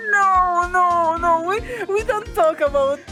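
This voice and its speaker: A woman's voice: very high voice, animated, takes it slowly, loud music behind the voice. A young woman co-hosting a stream in casual chat, giggly, apologetic and jokey. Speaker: co-host on a stream.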